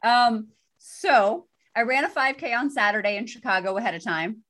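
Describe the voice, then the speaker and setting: Chatty woman telling an animated story. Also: a little high, moderate pace. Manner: animated storyteller, self-deprecating. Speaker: podcast co-host. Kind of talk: casual chat.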